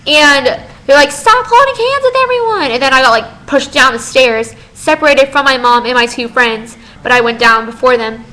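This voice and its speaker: A fifteen-year-old girl telling a story in a casual vlog, chatty and animated, full of "like". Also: fairly high pitch, moderate pace, hardly any pauses, low-quality recording. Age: teens. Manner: chatty, lots of "like", animated retelling. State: tired. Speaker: vlogger.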